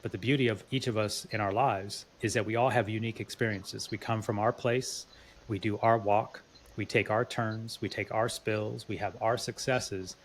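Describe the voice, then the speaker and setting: A man's voice: lowish voice, fairly even intonation, moderate pace, slight background noise. A man hosting a podcast interview, chatting earnestly and restarting his words often. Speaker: podcast host. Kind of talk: casual interview chat.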